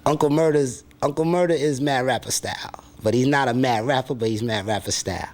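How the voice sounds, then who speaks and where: A man's voice: mid-range voice, a little fast, voice pushed up, lightly acted. Man putting on a bitter brash rapper. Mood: boastful. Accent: New York. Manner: brash, cursing, boastful. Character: bitter loud male rapper who loves himself.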